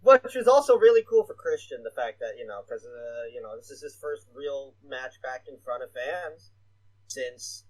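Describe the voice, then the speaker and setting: A man's voice: medium pitch, animated, normal speed, darkish tone, low-quality recording. A man co-hosting a casual podcast, rambling with lots of "uh" fillers and casual swearing. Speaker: podcast co-host. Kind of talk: casual wrestling podcast chat.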